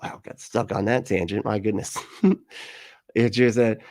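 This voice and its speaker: A man's voice: fairly low pitch, steady tone, measured pace, a little mellow. Rambling, jokey man streaming. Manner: rambling, jokey, laughs often, trails off on tangents. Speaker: livestream host reading chat comments. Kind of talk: casual livestream chat.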